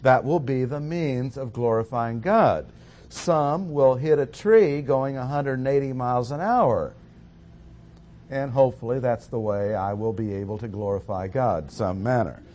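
A preacher delivers an expository sermon in a deliberate, measured way, leaning hard on the words he wants to stress and pausing with fillers between thoughts. His medium-pitched, mellow voice sits in an ordinary middle range.

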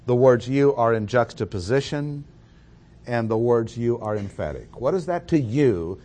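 A man preaching a verse-by-verse sermon, speaking deliberately and stressing key words, with fillers and restarts. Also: medium pitch, expressive, darkish tone. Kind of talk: expository sermon.

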